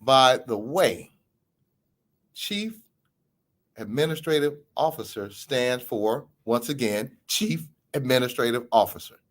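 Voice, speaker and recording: A man's voice: measured pace, few pauses. A man hosting a podcast and giving emphatic, theatrical political commentary. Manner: emphatic, theatrical delivery with big pitch swings. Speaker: podcast host.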